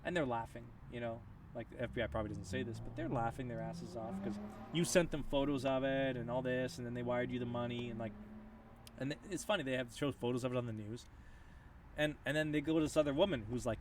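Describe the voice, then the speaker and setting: A man's voice: medium pitch, fast talker. A man chatting on a stream, telling stories with lots of restarts and stumbles. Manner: animated storytelling with many restarts. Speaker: stream co-host. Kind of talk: casual chat. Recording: distant mic with light outdoor noise.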